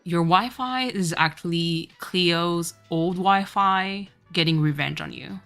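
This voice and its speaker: A woman from France, with French as her first language, chats with her viewers while she plays, laughing often. Her voice sits low and she takes her time, with soft game music playing faintly underneath. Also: slow, vocal fry. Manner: chatty, laughs often, reacts to chat. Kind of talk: casual gameplay commentary, chatting with viewers.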